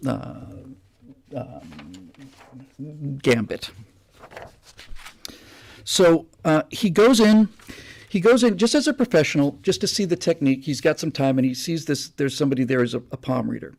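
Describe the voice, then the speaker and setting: Gravelly man telling a story on a live stream. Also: fairly high pitch. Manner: animated raconteur, many restarts. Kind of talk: casual storytelling monologue.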